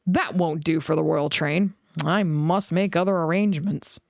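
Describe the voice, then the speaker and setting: A woman reading aloud plays a stern, portly male railway boss who speaks slowly and with measured authority. The voice is dry and close. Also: low-pitched, steady tone, vocal fry, no echo. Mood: disapproving.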